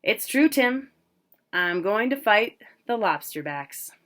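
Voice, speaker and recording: A woman's voice: mid-range voice, sing-song, takes it slowly, fairly bright tone, pitched above the performer's own voice. A woman doing a cocky young soldier brother. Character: young man, proud older brother, cocky college student.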